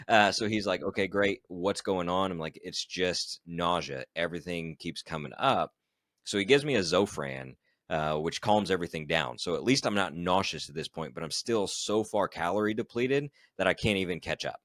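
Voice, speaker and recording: Deep-voiced man telling a running story. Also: no room sound, clean studio sound. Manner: animated storyteller who acts out quoted dialogue. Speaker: podcast guest, ultrarunner. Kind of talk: storytelling in an interview.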